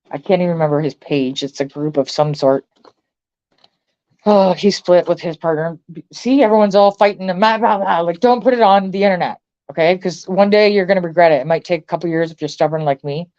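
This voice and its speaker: A woman's voice: fairly low pitch, mellow, dull audio. A woman from Canada, ranting to her viewers in a blunt, profane, filler-heavy way. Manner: blunt and profane, frequent swearing and filler words. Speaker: vlogger. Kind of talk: angry political rant to camera.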